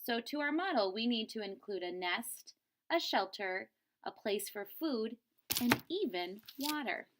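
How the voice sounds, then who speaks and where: A woman's voice: a little high, lively intonation, a little slow, noisy background. A woman teacher reading a picture book aloud to children, expressively and stopping to explain word meanings. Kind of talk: read-aloud storybook lesson.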